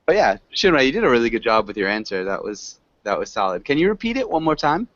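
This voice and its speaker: A man teaching an online English class, encouraging his students, laughing often and correcting them slowly. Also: medium pitch, sing-song, a bit bright, no room sound, highs cut off.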